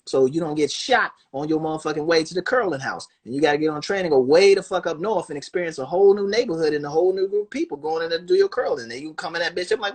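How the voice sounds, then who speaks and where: Husky man ranting on a livestream. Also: a little high, rapid-fire, hardly any pauses. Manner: animated, profane, acts out voices of other people. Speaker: livestream host. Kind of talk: casual livestream rant. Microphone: phone.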